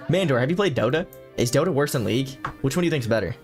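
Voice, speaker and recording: A man's voice: medium pitch, animated, racing, soft background music. A young American man streaming a horror game, chatting loosely with viewers and reading game text aloud. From United States. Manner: swearing, joking with chat, drawling.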